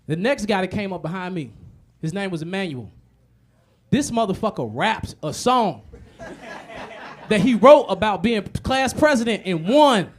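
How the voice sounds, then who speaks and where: A man with a fairly high voice performs stand-up comedy. He tells profane, animated stories full of repetitions and drops into low, muttered asides before loud punchlines. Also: a little slow, pauses often.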